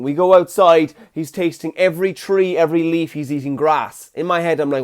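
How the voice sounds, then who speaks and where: A man's voice: a little high, moderate pace, clear, resonant tone. Chatty man hosting a podcast. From Ireland. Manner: chatty, jokey, animated storytelling. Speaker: podcast host. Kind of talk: casual solo podcast chat.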